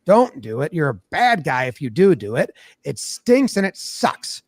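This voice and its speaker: A man recapping a baseball game in a casual, animated way, storytelling with lots of energy. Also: a little high, measured pace, no echo. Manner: animated storytelling, acts out players' voices. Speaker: sports commentator.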